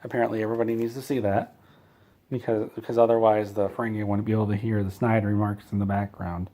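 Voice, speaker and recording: A man with a fairly low voice tells a rambling comedic story. He drifts and interrupts himself, and his delivery stays dry and offhand. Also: little pitch movement, quick pace, mellow. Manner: meandering, self-interrupting, dry. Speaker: comedy channel host.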